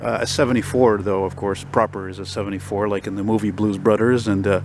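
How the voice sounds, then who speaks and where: Speaking fast in a lowish, steady, darkish voice with a little hiss or hum, a Montreal man in his forties vlogs about a classic car. He stands on a city street and rambles enthusiastically to camera, packing in lots of fillers.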